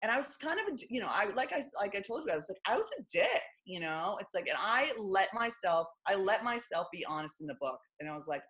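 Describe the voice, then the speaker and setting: A woman's voice: medium pitch, sing-song, fast talker, hardly any pauses, fairly bright tone. A middle-aged woman guest speaking bluntly and with self-mocking humor, acting out other people's lines in candid interview chat. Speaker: author and guest.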